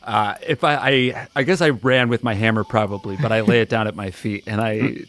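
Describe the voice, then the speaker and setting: A man's voice: fairly low pitch, fairly even intonation, a little fast, fairly bright tone. A man playing in a tabletop game, given to profane, laughing outbursts. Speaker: player. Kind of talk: tabletop role-play.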